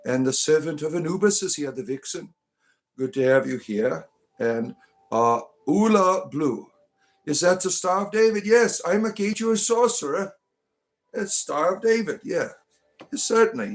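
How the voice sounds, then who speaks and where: A man's voice: fairly high pitch, animated, a little slow. A man hosting a casual livestream, greeting viewers in a rambling, chatty way, often tagging on "right?" and swearing casually. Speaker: livestream host, self-styled bard.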